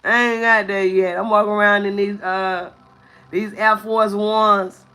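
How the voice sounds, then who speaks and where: Emotional bright-voiced woman. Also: medium pitch, flat delivery, measured pace, clean tone. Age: 30s. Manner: candid, venting, thanks commenters, near tears at times. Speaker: vlogger, mother of four. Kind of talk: emotional live-stream chat with viewers.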